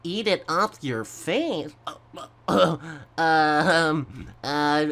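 A man doing goofy gameplay commentary, stammering and talking slowly to his viewers as folks. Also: on the high side, fairly bright tone, a little hiss or hum. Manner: slow, stammering, goofy, keeps addressing folks. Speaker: gaming YouTuber.

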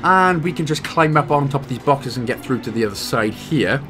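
A man's voice: mid-range voice, brisk, music in the background. A man with a Welsh accent giving playful, joking commentary as host of a game walkthrough. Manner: jokey, playful, animated.

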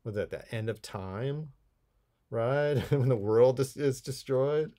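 A man's voice: medium pitch, slow pace, dark tone. A man lectures his college English class in a recorded video lesson. He talks at an easy, conversational clip and drops playful asides as he works through each poem. His voice sits in an ordinary middle register. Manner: conversational, playful asides while explaining poems.

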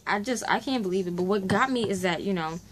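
A woman hosting a casual reading vlog, talking in an animated, exclamatory way with lots of slang. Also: medium pitch, quick pace, a little hiss or hum. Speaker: book vlogger.

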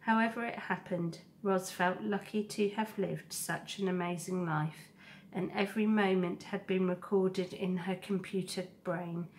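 Read it to the class slowly and evenly, keep the pitch level and don't push. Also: female voice, fairly even intonation, a little hiss or hum. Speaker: teacher reading to a class. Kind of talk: reading a children's novel aloud.

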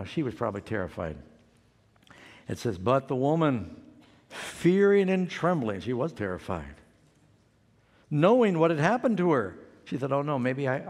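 A man's voice: medium pitch, creaky, big-room sound. An older man preaching a sermon as pastor, telling a story and acting out the quoted voices.

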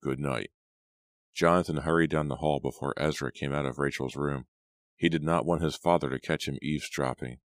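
A man reading a horror audiobook aloud in a dramatic, measured way. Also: very deep voice, fairly even intonation, no echo, clean studio sound. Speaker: audiobook narrator. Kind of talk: scripted narration.

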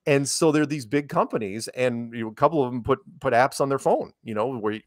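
A man's voice: medium pitch, quick pace, dry recording. A man being interviewed, telling chatty anecdotes and laughing as he goes. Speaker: interviewed guest. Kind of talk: casual storytelling interview.

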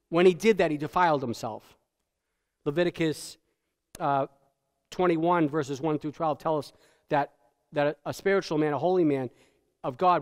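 High-voiced preacher in a reverberant church. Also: male voice. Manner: emphatic, swings between loud peaks and hushed lows. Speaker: pastor. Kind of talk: sermon. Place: church sanctuary. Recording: long church hall reverb.

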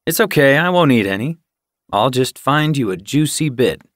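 A man's voice: mid-range voice, lively intonation, moderate pace, no echo, studio quality, close to an everyday voice. A man voicing a friendly, eager young house tomcat in an audiobook, speaking cheerfully.

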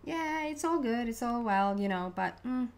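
A woman giving a casual, chatty tarot reading, excitable and quick to laugh, often restarting her words. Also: on the high side. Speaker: tarot card reader.

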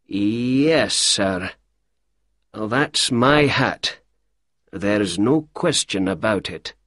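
A reader putting on a big, down-on-his-luck older gentleman from a storybook, who speaks slowly, quietly and carefully. The voice is husky and close, with a dry sound. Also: lowish voice, no echo. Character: poor, gentle older man, big and slow.

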